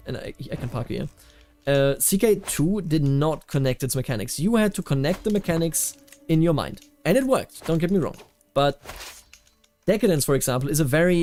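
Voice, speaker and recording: A man from Bavaria chats his way through a strategy game, voice sitting a bit high. He rambles, repeats himself and breaks off to react to what happens on screen. Soft music plays faintly behind him. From Bavaria, Germany. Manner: rambling, reacts aloud to the game, frequent fillers and restarts. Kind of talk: casual gameplay commentary.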